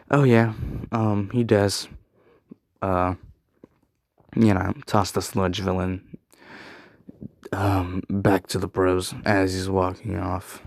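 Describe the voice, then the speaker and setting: A man's voice: sits low, vocal fry, darkish tone, no echo, studio quality. A young man casually telling a fan story, rambling with lots of fillers and swearing.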